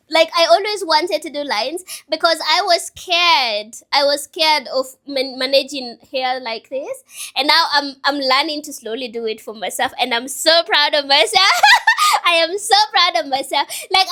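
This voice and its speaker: A woman's voice: high voice, pushed and bright. A woman in her twenties who runs a business, talking candidly and emotionally in a rambling personal vlog. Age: 20s. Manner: emotional, rambling, self-reflective. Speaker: vlogger and business owner.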